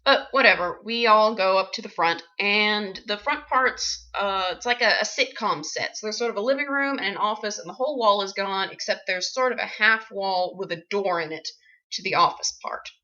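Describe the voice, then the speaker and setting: Bright-voiced woman telling a wry story. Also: mid-range voice, moderate pace, lo-fi sound. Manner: wry, animated, sarcastic asides. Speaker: actress. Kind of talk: comic personal storytelling.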